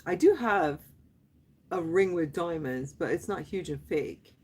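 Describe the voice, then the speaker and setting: Fifty-ish lady on a livestream, kinda raspy, chatty and jokey, tosses in french bits. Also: fairly low pitch, animated, unhurried, a little mellow. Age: 50s. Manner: chatty and playful, often laughing, mixes in French phrases. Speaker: livestream host chatting with viewers. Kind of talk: casual live chat.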